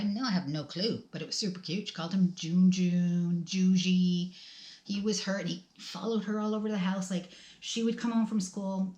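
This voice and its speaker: A middle-aged woman vlogging about her family's loss, talking in a halting, emotional way with many restarts. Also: mid-range voice, darkish tone, reverberant. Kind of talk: tearful personal vlog talk.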